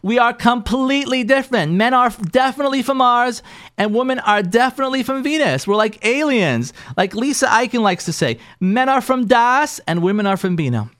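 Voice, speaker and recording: A man's voice: very high-pitched, a little fast, no echo. A man, a rabbi and marriage counselor, telling a story to an audience and acting out the lines of the people in it, often restarting words. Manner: animated, acts out the couple's lines in quoted voices.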